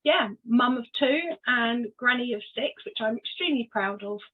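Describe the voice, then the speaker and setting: An older woman from Cornwall, a podcast guest telling her personal story in an unhurried, reflective way with frequent ums. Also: on the high side. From Cornwall, England. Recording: tinny phone-like line.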